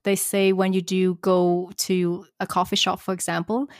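A woman's voice: fairly low pitch, level tone, normal speed, no room sound, clean studio sound. Woman giving friendly advice on a podcast. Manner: advice-giving, many fillers. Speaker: podcast co-host giving dating tips. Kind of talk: casual chat.

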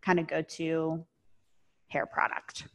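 A woman's voice: deep voice, monotone, slow pace, a bit bright. A woman co-hosting a podcast in casual chat, giving friendly, practical advice. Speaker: podcast co-host.

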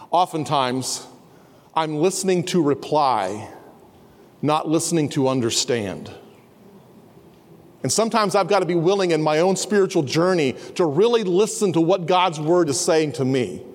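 A pastor preaching an earnest sermon, sometimes dropping to a soft, low voice. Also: male voice, expressive, measured pace. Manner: earnest, drops to a soft low voice for quiet passages. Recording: long hall reverb. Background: students in a campus service.

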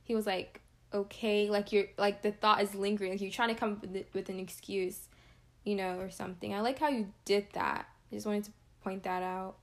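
A woman's voice: mid-range voice, steady tone, brisk. Woman chatting about a scene, lots of likes, mid voice. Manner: chatty, filler-heavy. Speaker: actor. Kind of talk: casual chat.

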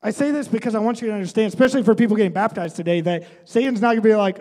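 Pastor guy, pretty high voice, chatty sermon, lots of "right?", big echoey church hall. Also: very fast, a little mellow. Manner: conversational, often adds "right?".

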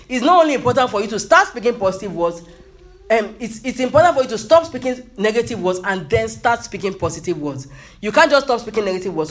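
A man's voice: high voice, fairly bright tone. A man preaching a motivational sermon with emphasis, repeating key phrases and calling out hallelujah.

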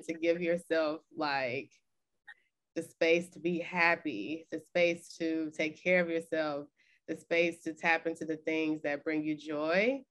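A woman who is a podcast host and coach leads a casual interview, emotional and effusive, close to tears as she talks. Her voice is low-pitched and a bit bright.

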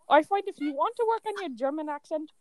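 A young woman co-hosting a podcast, chatting in a teasing, animated way. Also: extremely high pitch, no room sound. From Canada. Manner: animated, teasing, quick to joke. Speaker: podcast co-host. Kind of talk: casual chat.

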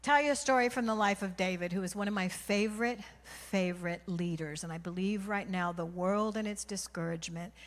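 A woman's voice: mid-range voice, brisk, hardly any pauses. Woman preaching in a reverberant hall. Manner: emotional, swings from hushed whispers to loud cries. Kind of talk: sermon storytelling. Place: church.

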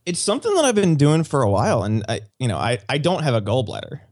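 Quick-talking laid-back podcast co-host, man. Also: mid-range voice. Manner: relaxed, friendly, calls host brother. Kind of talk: casual podcast chat.

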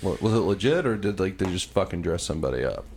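A man with a lowish voice talks loosely on a podcast, peppering his lines with swearing and laughter. He reads out strange stories in an offhand, joking way. A faint room hum sits under the voice. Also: expressive, fast, darkish tone. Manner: profane, laughing, puts on silly voices. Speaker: podcast co-host. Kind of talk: casual comedic chat. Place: home room, smoking while recording.

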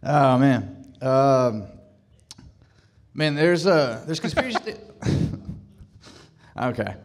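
A man's voice: medium pitch, big pitch swings, drawn-out words, pauses often. A man doing a stand-up set on a club stage, hesitant, full of stammered restarts. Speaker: stand-up comedian.

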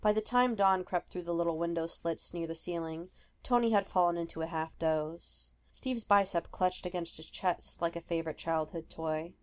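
A woman reading a story aloud in an even, measured narration. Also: fairly low pitch. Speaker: podfic reader.

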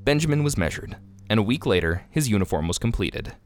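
A man narrating a classic short story as a podcast reader, expressive and measured. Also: on the low side. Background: guitar music.

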